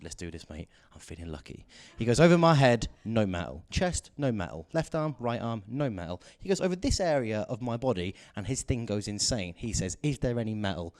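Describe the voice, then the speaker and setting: A young man doing stand-up storytelling. His pitch swings widely, from low muttered asides up to excited, raised outbursts. The delivery is dry and deadpan one moment and mock-indignant the next. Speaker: stand-up comedian.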